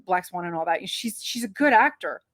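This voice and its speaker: A woman co-hosting a movie review show, talking in a chatty, rambling way with quick asides and restarts. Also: lowish voice, lively intonation, a bit bright, dry recording, studio quality. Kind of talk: casual movie review chat.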